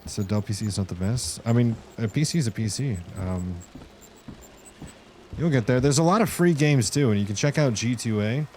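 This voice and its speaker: A man's voice: mid-range voice, animated, normal speed, darkish tone, slight background noise. A man streaming a game, rambling casually and chatting with viewers as he plays. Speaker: gaming streamer. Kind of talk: casual live-stream commentary.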